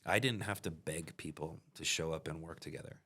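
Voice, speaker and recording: A man's voice: extremely low pitch, brisk, pushed and bright, breathy edge. A man who owns a roofing business, talking casually and reflectively on a business podcast. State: has the hiccups. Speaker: business owner and podcast host.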